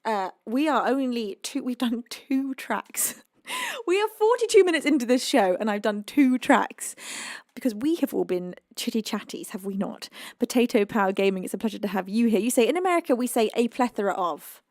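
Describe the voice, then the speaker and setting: A chatty British woman hosting a live music stream from home, reading viewers' messages aloud with frequent exclamations. Her voice carries a gravelly, creaky edge. The sound is dry and close, with little room echo. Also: on the high side, animated, normal speed, a little mellow. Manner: chatty, exclaims often, reads chat aloud. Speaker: livestream music host. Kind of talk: casual chat with viewers.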